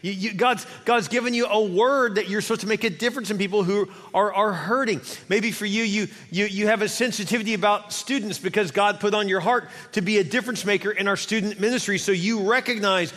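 A man preaches with fervent, repeating urgency as a pastor in a church. His voice sits high for a man. Long reverb trails each phrase around the large hall. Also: a little fast, few pauses. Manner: fervent, rising to shouting exhortation. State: winded at times. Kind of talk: sermon.

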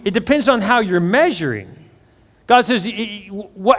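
A middle-aged male pastor preaching a sermon in a conversational, animated way, acting out little scenes as he goes. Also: sits high, normal speed. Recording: long hall reverb.

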